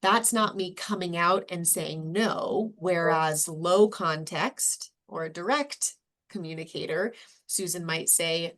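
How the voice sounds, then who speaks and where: An upbeat woman leads a cultural competency workshop for a campus audience. She explains ideas clearly and now and then acts out quick bits of dialogue to show her point. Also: on the low side, fairly bright tone. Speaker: trainer. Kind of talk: workshop presentation.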